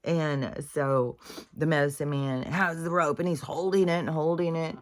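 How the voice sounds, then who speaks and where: A woman's voice: deep voice, steady tone, normal speed. A woman in a casual spiritual monologue, speaking candidly, swearing freely and restarting her sentences.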